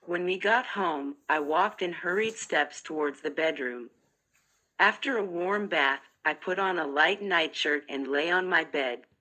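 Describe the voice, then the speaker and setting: A woman reads a first-person audiobook in a measured, steady way. Her voice sits low but sounds bright and forceful. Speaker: narrator.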